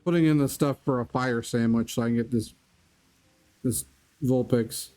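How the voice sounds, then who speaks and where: A man's voice: medium pitch, fairly even intonation, normal speed, warm tone. A man live-streaming a video game, chatting casually with his viewers and laughing often. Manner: chatty, laughs often, talks to chat by name. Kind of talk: casual live-stream chat while playing.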